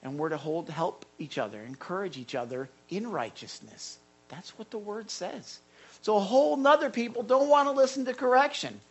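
A male pastor preaching a sermon in an animated way, repeating words and adding asides. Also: sits high, normal speed, breathy edge, highs cut off.

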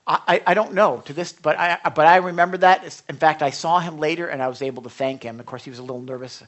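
A middle-aged man preaching to a small group, telling a personal story with sudden hushed whispers. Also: on the high side, normal speed. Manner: animated storyteller, drops to hushed whispers for inner thoughts. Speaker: pastor.

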